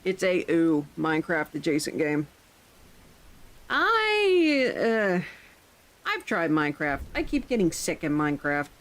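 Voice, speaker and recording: Lively, rambling woman streamer. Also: deep voice, measured pace, poor audio. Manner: rambling, chatty, occasional swearing. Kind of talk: casual live-stream chat.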